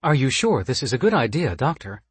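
A man voicing a calm, polite android assistant that speaks in a flat monotone. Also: mid-range voice, a little fast, husky, dry recording, voice pushed up. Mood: questioning.

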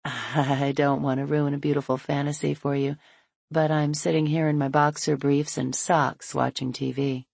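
A woman reading the lines of a teasing, wry grown man in an audiobook, in a dry, low-key manner. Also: flat delivery, normal speed, creaky, darkish tone, breathy edge, dry recording, heavily acted.

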